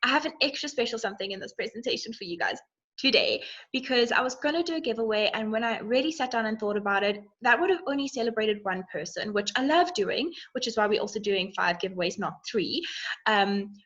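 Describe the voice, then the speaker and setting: A woman's voice: a little high, animated, fairly quick, a bit bright, dull audio. A woman hosting a casual live stream from home, bubbly and greeting her viewers by name. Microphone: phone.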